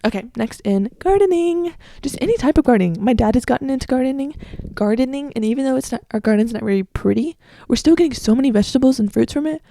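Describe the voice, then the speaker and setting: A woman's voice: high-pitched, racing, vocal fry, few pauses, dark tone, a little hiss or hum. A young woman in her late teens with an American accent, hosting a casual solo podcast chat, rambling with lots of "like"s and fixing herself as she goes, strongly opinionated. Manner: chatty and rambling, with many "like"s and self-corrections. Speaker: podcast host.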